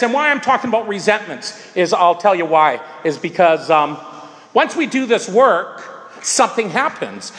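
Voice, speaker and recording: A man's voice: extremely high pitch, a bit bright, long reverb tail. A man sharing his story at a recovery meeting, talking in an emphatic, repetitive, preaching way. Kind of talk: sharing at a twelve-step meeting.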